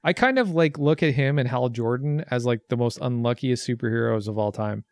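A man's voice: mid-range voice, fairly quick, no room sound, studio quality. Easygoing man swearing casually. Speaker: movie watch-along co-host. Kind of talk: casual chat.

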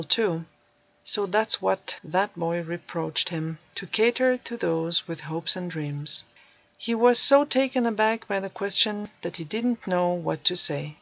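Brief: woman reading a story in a measured voice of middle pitch, dry close recording. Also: a bit bright, no room sound, dull audio. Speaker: audiobook narrator. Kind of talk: scripted storybook narration.

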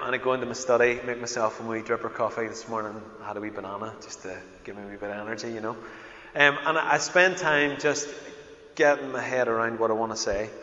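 Northern Irish pastor preaching in an echoey hall. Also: male voice, medium pitch, a little fast. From Northern Ireland. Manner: emphatic, swings between loud proclaiming and quiet intimate storytelling. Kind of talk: sermon. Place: church hall. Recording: dull, echoey hall recording.

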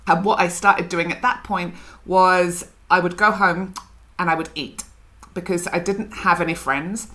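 A woman's voice: lowish voice, steady tone, measured pace, pushed and bright. A middle-aged woman from Scotland, a guest on an interview podcast, talking frankly and reflectively about her own life. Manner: reflective, frank, laughs through her story. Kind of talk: candid conversational storytelling.

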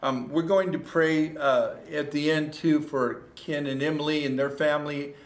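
A man's voice: a little high, fairly even intonation, normal speed. A man preaching a livestreamed sermon as a pastor, earnest and repetitive, building to exhortation. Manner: earnest, repeats phrases, rises to exhortation. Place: church room. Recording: echoey room.

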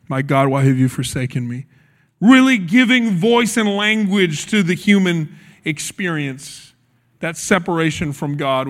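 High-voiced man preaching with feeling. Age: adult, recalls his childhood. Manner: earnest, acts out quotes with shifts in voice. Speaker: pastor. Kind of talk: sermon.

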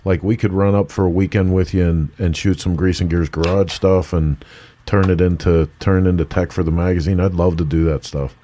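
A man's voice: low voice, steady tone, a little fast, dark tone, a little hiss or hum. A man with a Pittsburgh accent hosting a casual interview, enthusiastic and laid-back in a chummy way. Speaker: show host.

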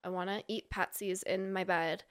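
A woman's voice: mid-range voice, steady tone, moderate pace, clear, resonant tone. A woman from Utah, a podcast guest, telling a long gossipy story in casual chat and acting out the people she quotes.

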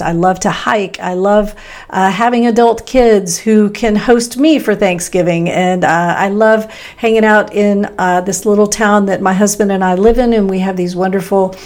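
A middle-aged woman from Texas with a Midwestern American accent, hosting a solo podcast in an upbeat, conversational way with emphatic pauses. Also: mid-range voice, darkish tone. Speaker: podcast host.

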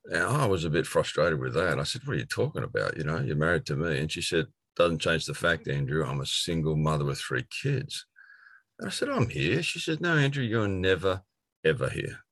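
A middle-aged Australian man with a strikingly deep, low voice recounts his own story in an earnest, rambling way, full of "um"s and false starts. The sound is dry and close, with no room around it. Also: very animated, fairly quick, gravelly, fairly bright tone, slightly rough, dry recording. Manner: earnest storytelling with frequent fillers and restarts. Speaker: guest. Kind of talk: personal testimony in an interview.

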